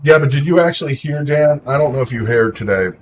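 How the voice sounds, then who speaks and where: A man's voice: medium pitch, lively intonation, fast, slight background noise. A man hosting a live stream, chatting casually and opinionatedly while answering viewer comments by name. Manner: opinionated, talks back to chat by name. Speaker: livestream host. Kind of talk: casual livestream chat reacting to viewer comments.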